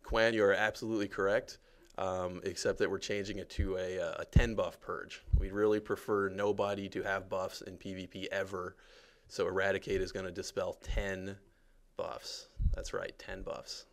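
A man's voice: low voice, level tone, moderate pace. A man, a game developer, giving casual and jokey live commentary while touring a game, with lots of fillers. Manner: chatty and jokey, many fillers.

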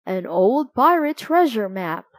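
A woman voicing a gentle bear father in a children's storybook, speaking plainly and calmly. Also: a little high, takes it slowly, dry recording.

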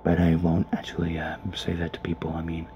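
Man, low monotone whisper, profane muttered gameplay commentary from a closet. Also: fairly quick, dull audio. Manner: hushed, grumbling, profane. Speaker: let's player. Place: small closet. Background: faint background noise.

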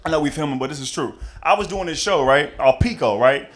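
Animated high-voiced male stand-up comic. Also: fast talker. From Texas. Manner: animated storytelling, acts out loud voices. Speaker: stand-up comedian. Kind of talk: stand-up comedy set. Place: comedy club stage with live audience.

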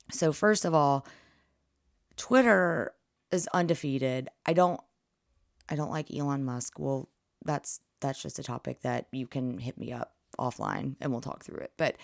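Woman host, low and gravelly, nearly losing her voice, excitable play-by-play storyteller, dry close recording. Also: no echo. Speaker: podcast host. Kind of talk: casual sports recap.

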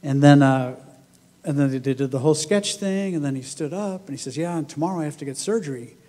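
A pastor delivering a sermon in a church, telling stories in a conversational way and acting out what people said. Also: male voice, fairly high pitch, quick pace, dark tone, long reverb tail. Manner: conversational storytelling, acts out quoted voices, laughs often. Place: church sanctuary.

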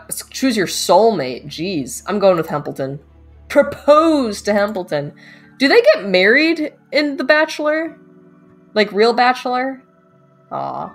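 Giggly woman streamer reacting. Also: mid-range voice. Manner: playful, giggly, reacting aloud. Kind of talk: let's play commentary.

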